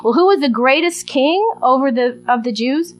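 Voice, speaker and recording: A woman preaching a sermon, telling a gospel story in a lively way and acting out the voices of the crowd. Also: high voice, normal speed, poor audio.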